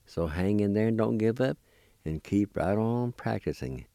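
A man teaching vocabulary, spelling and sounding out each word slowly and patiently, repeating it for learners. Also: on the low side, lively intonation, mellow, no room sound, clean studio sound. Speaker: language teacher. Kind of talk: slow spelling and pronunciation drill.

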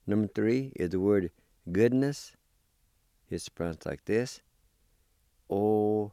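A man giving a slow language lesson, spelling and pronouncing each word and repeating it patiently. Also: lowish voice, dark tone, clear, resonant tone, no room sound, clean studio sound. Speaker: language teacher.

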